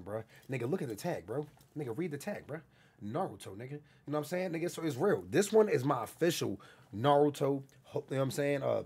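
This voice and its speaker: A young man from New York, streaming live and loudly calling out donors in heavy street slang. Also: mid-range voice, husky. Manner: loud, hyped shout-outs to donors in heavy street slang. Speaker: livestreamer. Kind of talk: casual livestream chat reading out donations.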